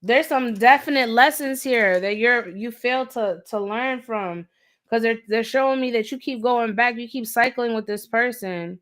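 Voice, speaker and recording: A woman's voice: fairly high pitch, normal speed, a bit bright. Blunt, scolding woman reading tarot. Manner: blunt, direct, scolding, slangy; repeats herself for emphasis. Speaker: tarot reader. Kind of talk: live-stream tarot reading.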